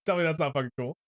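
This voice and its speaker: A man's voice: a little high, fairly bright tone. A young man streaming, chatting casually and ranting with lots of swearing. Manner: profane, ranting. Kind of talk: casual livestream commentary.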